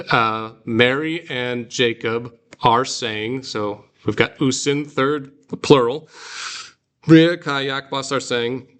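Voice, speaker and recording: Slow, patient male teacher. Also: mid-range voice, fairly bright tone. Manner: slow, patient explaining with fillers and restarts. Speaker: Greek teacher. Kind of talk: guided reading lesson.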